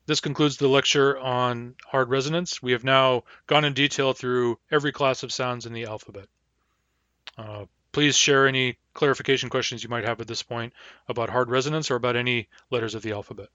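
A man giving a recorded language lecture, patiently repeating words slowly for learners. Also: mid-range voice, fairly even intonation, pushed and bright, no room sound, dull audio. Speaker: language teacher.

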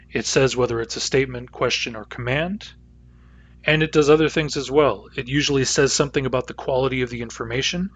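A man teaching a language class, explaining grammar patiently and methodically with frequent pauses and fillers. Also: mid-range voice, husky. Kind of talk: lecture.

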